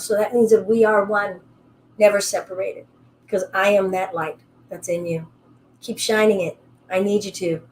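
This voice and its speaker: A woman teaching a live online yoga class at home. She guides in a calm, soothing way, then turns upbeat and playful as she chats with her students. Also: medium pitch, slight background noise, poor audio. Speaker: yoga instructor.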